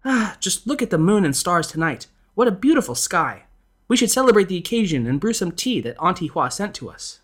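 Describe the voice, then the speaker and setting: A man's voice: very animated, a little fast, fairly bright tone, husky, full character voice. A man putting on a coy young ghost lady. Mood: admiring. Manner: lilting, higher put-on woman's voice.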